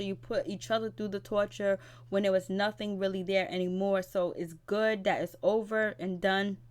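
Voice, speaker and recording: A woman giving a casual, gossipy recap of a TV episode in a chatty retelling style. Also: mid-range voice. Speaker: TV recap vlogger.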